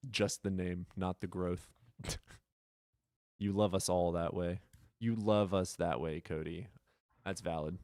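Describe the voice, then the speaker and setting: A man's voice: sits low, measured pace, long pauses, clean tone, dry recording, studio quality. A man hosting a casual livestream chat, teasing and swearing freely and laughing often. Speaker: livestream host.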